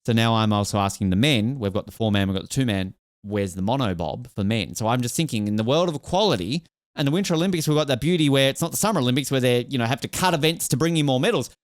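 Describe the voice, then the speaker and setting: A man hosting a podcast, loose and chatty, who strings his questions together with jokes and fillers. His voice sits at a middling pitch with a smooth, clear tone, recorded dry and close. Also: lively intonation, quick pace, no room sound. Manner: chatty and joking, rambling questions with many fillers. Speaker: podcast host. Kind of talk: casual interview chat.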